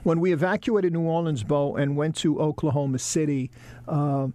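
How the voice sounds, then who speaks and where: A man telling lively stories about his broadcasting career in a casual interview, acting out the people he quotes. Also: a little high, normal speed, no echo. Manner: animated storyteller, acts out quoted bosses. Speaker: broadcaster guest.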